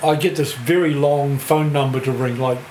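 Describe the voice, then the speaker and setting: A man's voice: mid-range voice, steady tone, moderate pace. An older man with a New Zealand accent, a music writer telling a rambling anecdote as a podcast guest, laughing through it and swearing freely. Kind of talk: casual anecdotal storytelling. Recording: echoey room with faint hiss.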